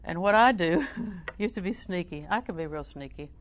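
A woman on the low side of the pitch range, with lively intonation and a moderate pace, preaches folksy and conversational. She tells funny personal stories and swings between gentle asides and loud, emphatic declarations.

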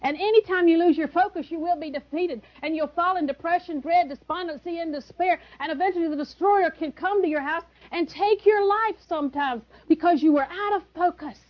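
A woman preaching a sermon in a high voice, driving her points home with emphasis and the odd chuckle. She repeats her key words to make them stick. The recording is dull and lo-fi. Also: brisk, hardly any pauses.

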